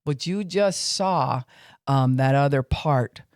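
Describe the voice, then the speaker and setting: A man's voice: medium pitch, slow pace, no echo, studio quality. A man teaching on faith and emotions in an informal podcast talk, with fillers, acting out what people say.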